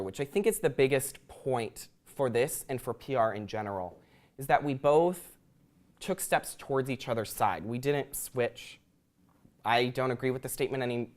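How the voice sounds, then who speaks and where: A young man giving a prepared talk to an audience, earnest and reflective, with occasional ums. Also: mid-range voice. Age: young adult. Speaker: student speaker.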